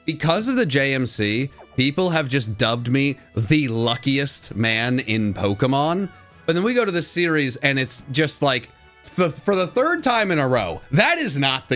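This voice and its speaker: A young man co-hosting a casual gaming chat, playful and jokey, with excitable reactions. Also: medium pitch. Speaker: co-host of a gaming channel.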